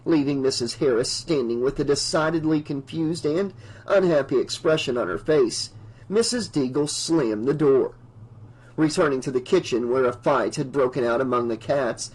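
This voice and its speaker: A man narrating an unabridged novel audiobook in a steady storytelling manner. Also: medium pitch, breathy edge, poor audio.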